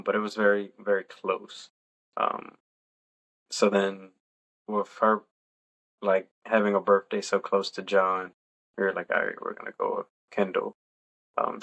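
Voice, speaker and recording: A young adult man and podcast co-host, casually telling a personal story in a relaxed, chatty way and laughing along. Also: on the low side.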